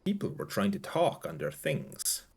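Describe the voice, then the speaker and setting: A man's voice: a little high, huge pitch swings, unhurried, gravelly, a little mellow, breathy edge, voice pushed up, exaggerated voice. Sharon, a man doing a childlike survivor. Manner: short simple sentences, childlike. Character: young woman with a child's mind, fearful. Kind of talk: audiobook-style reading.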